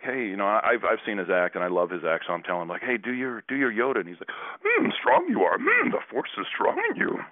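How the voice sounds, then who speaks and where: A man's voice: low-pitched, no room sound. A Canadian man, a former basketball player, telling a rambling story with many restarts as an interview guest over a phone line. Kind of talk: casual anecdote telling.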